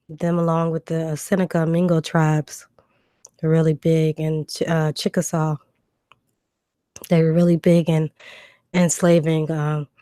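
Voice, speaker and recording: A woman's voice: low voice, warm tone, no room sound, clean studio sound. Chatty woman answering viewers on a livestream. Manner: reads out viewer questions and answers them, with many ums and restarts. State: has a cough drop in her mouth. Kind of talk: casual livestream chat. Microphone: new desk microphone.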